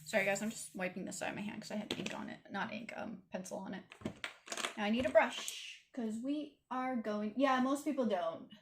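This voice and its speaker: A woman's voice: on the high side, normal speed, background noise. Chatty Canadian woman drawing tutorial. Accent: Toronto Canadian. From Toronto, Canada. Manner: chatty, apologetic asides while working. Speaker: art tutorial host. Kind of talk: casual drawing tutorial narration.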